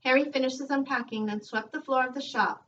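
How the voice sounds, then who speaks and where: A woman teacher reading a children's book aloud to her students in a calm, measured storytelling manner. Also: sits high, recorded from a distance, muffled recording, slight background noise.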